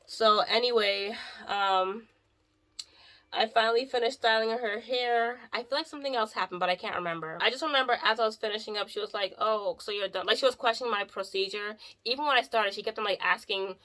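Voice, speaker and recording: Her voice is a little high, a bit bright, and a little fast as this mobile hairstylist tells a chatty, exasperated client story for a casual storytime vlog. "Like" pops up over and over.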